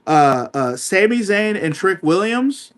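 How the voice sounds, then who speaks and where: A man co-hosting a casual wrestling podcast, talking emphatically, repeating himself and filling pauses with "uh". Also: high-pitched. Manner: animated, emphatic, repeats himself with many fillers. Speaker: podcast co-host.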